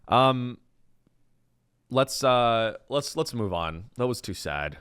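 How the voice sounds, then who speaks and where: A man hosting a comedy podcast, delivering a sarcastic, animated monologue full of self-interruptions. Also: mid-range voice, takes it slowly, pauses often, clean tone, no room sound, clean studio sound.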